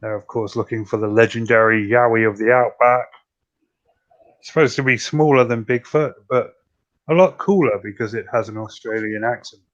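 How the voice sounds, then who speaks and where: A man's voice: medium pitch, steady tone, normal speed. A man hosting a podcast, chatting casually and joking in a laid-back way. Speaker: podcast host. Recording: dull lo-fi audio.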